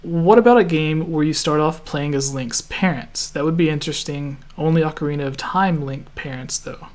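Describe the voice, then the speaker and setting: A man from Canada hosting a casual gaming podcast, relaxed and laughing often as he reads listener questions. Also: a little high, moderate pace. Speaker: podcast host.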